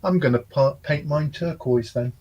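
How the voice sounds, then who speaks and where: A man's voice: on the high side, normal speed, darkish tone, muffled recording, slight background noise. A man co-hosting a casual live stream, teasing his co-hosts with dry banter. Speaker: co-host.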